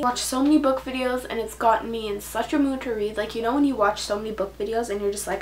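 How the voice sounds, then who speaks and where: Chatty teen girl gushing about books, kinda high voice, faint hiss behind. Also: steady tone, brisk. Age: teens. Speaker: book vlogger. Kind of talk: casual chat to camera.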